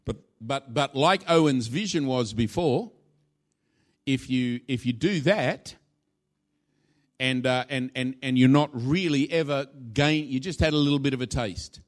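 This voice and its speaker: A man's voice: mid-range voice, unhurried. A male pastor preaching a sermon in a church, informal and playful, acting out little scenes as he teaches. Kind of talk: sermon with a live demonstration.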